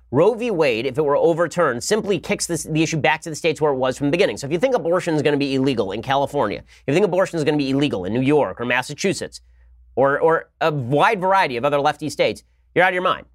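Male podcast host, rapid-fire, combative and sarcastic, commentary monologue. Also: fairly high pitch, expressive, no room sound, studio quality.

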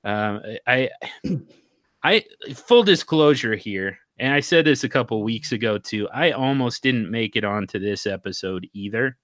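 A man's voice: on the low side, animated, a little slow, a bit bright, dry recording. A man hosting a casual podcast conversation, joking and teasing his co-hosts with plenty of fillers. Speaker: podcast host.

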